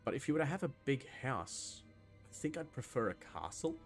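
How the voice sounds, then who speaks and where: A young Scottish man hosts a gaming video, rambling loosely through gameplay commentary and fielding chat questions with lots of ums and restarts. His medium-pitched voice is very animated and fairly quick, with faint music in the background.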